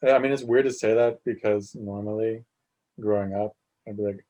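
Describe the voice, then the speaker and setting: Young male guest, lowish voice, laid-back and hesitant. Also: moderate pace, highs cut off. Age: young adult. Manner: relaxed, hesitant, often trails off quietly. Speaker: podcast guest. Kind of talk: casual podcast chat.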